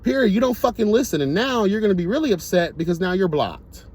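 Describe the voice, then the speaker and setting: A man's voice: sits high, sing-song, fast talker, darkish tone, husky. A man telling a casual storytime monologue to his viewers, blunt, profane and emphatic. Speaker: storyteller vlogger.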